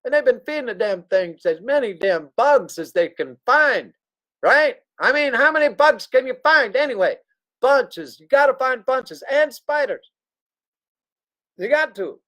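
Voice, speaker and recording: A man's voice: extremely high pitch, expressive, a little slow, sharp tone. A man hosting a livestream, telling a crude, joking story in a loose, digressive way. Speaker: livestream host. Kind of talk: rambling anecdotal storytelling.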